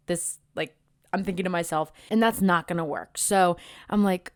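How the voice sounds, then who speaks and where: Young woman vlogging a travel story, lowish voice, super chatty, lots of "like", dry sound. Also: normal speed, clean tone, no echo. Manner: chatty, animated, acts out quoted voices with many "like"s. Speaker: travel content creator. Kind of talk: casual storytelling vlog.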